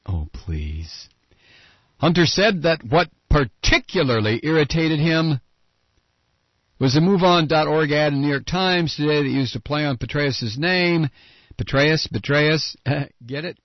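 Sarcastic male radio host on a lo-fi, dry recording, with a husky edge and dull sound. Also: on the high side, normal speed, dry recording. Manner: sarcastic, ranting, reads news aloud. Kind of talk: opinionated talk radio monologue.

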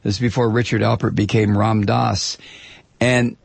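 A man's voice: fairly low pitch, level tone, moderate pace, gravelly, breathy edge, dry recording. A man hosting political talk radio, sardonically reading listener mail aloud and drifting into rambling asides. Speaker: radio talk show host.

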